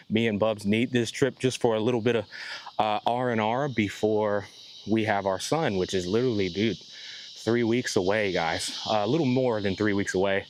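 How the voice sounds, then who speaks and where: A man who is sick and a little out of breath, rambling casually in a vlog as he walks outdoors, recorded on his phone. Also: on the low side. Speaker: gacha YouTuber. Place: outdoors on a walk.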